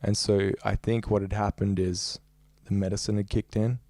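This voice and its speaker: Dark-voiced man telling a story. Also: lowish voice, flat delivery, moderate pace, no room sound. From Australia. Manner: rambling, heavy use of "like". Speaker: musician guest. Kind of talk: casual interview storytelling.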